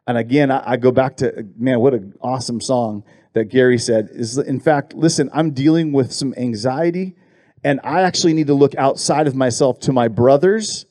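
A man preaching a sermon as a pastor, earnest and emphatic, often repeating words and slowing down on key phrases. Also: mid-range voice, warm tone, dry recording, clean studio sound.

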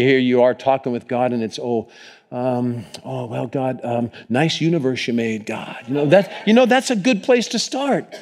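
A man preaching a sermon to a congregation in a conversational, animated way, often acting out short quoted prayers. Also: mid-range voice, clear, resonant tone. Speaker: pastor.

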